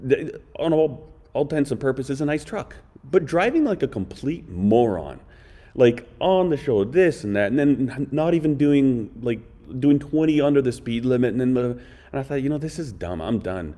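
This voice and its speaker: A man's voice: mid-range voice, sing-song, moderate pace, mellow. A man telling blunt, rambling stories in a casual chat, full of harsh opinions. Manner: rambling, blunt, opinionated, fond of mocking impressions.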